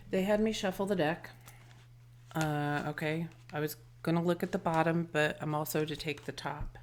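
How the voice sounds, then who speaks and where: A woman giving an intuitive tarot and charm reading, gentle and affectionate, often trailing off into soft murmurs. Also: deep voice, fairly even intonation, normal speed, a little hiss or hum. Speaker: tarot reader and channeler.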